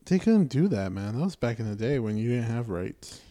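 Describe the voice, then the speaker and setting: A man with a medium-pitched voice talks fairly quickly as he co-hosts a podcast. The chat is casual and profane, and he acts out what others said in his stories, becoming animated when quoting them.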